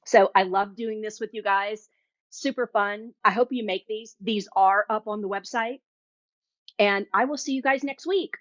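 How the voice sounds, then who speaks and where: A woman's voice: medium pitch, moderate pace, no room sound, lo-fi sound. A woman hosting a live cooking demo, chatty and enthusiastic, tasting food as she talks. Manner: chatty and enthusiastic, tastes while talking. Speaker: cooking show host.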